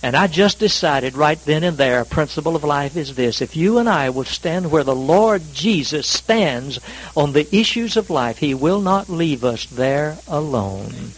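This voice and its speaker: A man from North Carolina, preaching a sermon in a folksy, self-deprecating storytelling manner with dramatic swings in pitch and volume. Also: animated, a little slow, poor audio. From North Carolina, USA. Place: church service.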